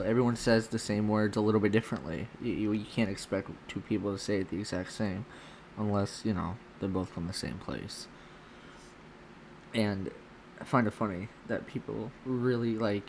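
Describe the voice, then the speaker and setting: A man's voice: fairly low pitch, moderate pace, slight background noise. A man hosting a casual interview, chatty and full of fillers, often laughing. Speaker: interview host.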